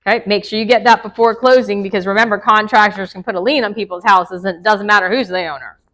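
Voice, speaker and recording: A woman's voice: mid-range voice, steady tone, fast talker, a bit bright, low-quality recording. A woman, a real estate broker giving a casual classroom lecture to agents, chatty, laughing often and asking the room questions.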